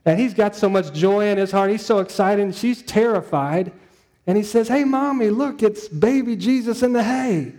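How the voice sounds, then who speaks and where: Male pastor, easygoing sermon delivery, slightly high, warm tone. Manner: conversational, storytelling, frequent "um" and "right?".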